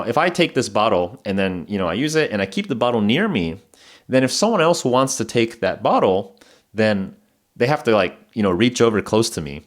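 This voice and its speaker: Man telling a rambling story with a lively pitch. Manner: rambling, with many fillers and restarts; amused, laughing now and then. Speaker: podcast host. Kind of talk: casual storytelling monologue.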